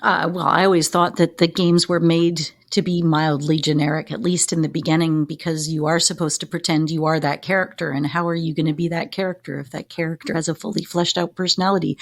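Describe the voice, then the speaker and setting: A woman co-hosting a casual podcast about old games, laying out her points with confidence. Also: sits low. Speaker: podcast co-host.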